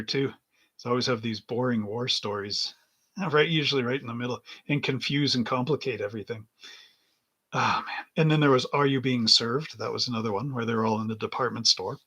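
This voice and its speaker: Husky-voiced middle-aged man chatting casually. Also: medium pitch, pushed and bright. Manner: chuckles often, meandering anecdotes. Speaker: livestream host building model kits. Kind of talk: rambling casual chat while working.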